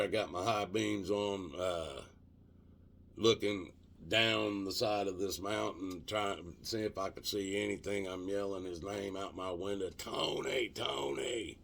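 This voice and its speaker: Gravelly deep-voiced man telling a story. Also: steady tone, fairly bright tone. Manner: profane, colloquial, drawn-out dramatic retelling. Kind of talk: casual spoken storytelling.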